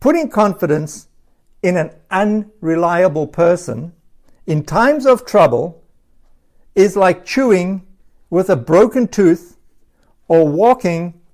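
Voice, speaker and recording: A man with a slightly high voice delivers a sermon in an easy, conversational way. He tells stories and laughs now and then. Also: lively intonation, takes it slowly, pauses often, darkish tone. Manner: casual storytelling with laughs.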